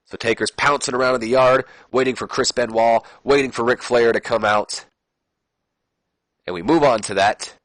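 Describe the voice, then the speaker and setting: A man's voice: mid-range voice, fairly even intonation, moderate pace, fairly bright tone, no echo. Casual rambling man narrating gameplay. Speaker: game channel host. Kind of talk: let's play commentary of a wrestling sim.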